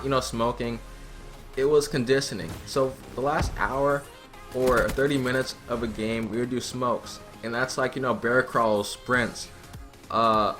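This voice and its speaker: A young man of middle pitch talks through a gameplay video, spinning a loose story with frequent laughter and casual swearing. Music plays faintly under his voice. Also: fairly bright tone. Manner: laughing, profane, chatty. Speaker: gaming channel host. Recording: music playing behind the voice. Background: background music.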